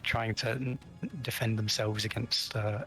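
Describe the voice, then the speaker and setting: A man playing a tabletop game, describing his character's moves with many pauses and restarts. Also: fairly low pitch, little pitch movement, over music. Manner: hesitant, many ums and restarts. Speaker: player.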